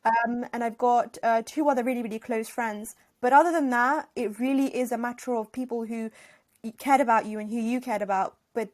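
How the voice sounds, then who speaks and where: A woman author talking as a podcast guest, telling stories in a lively, animated way and acting out what her friends said. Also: on the high side, brisk. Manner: animated storyteller who acts out what friends said. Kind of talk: casual conversational interview.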